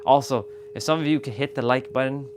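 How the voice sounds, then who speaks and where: A man hosting a casual motivational livestream from home, speaking candidly and a bit low on energy, rambling through restarts. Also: fairly even intonation, brisk, noisy background. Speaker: livestream host. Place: at home, downstairs. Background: tuning fork tones.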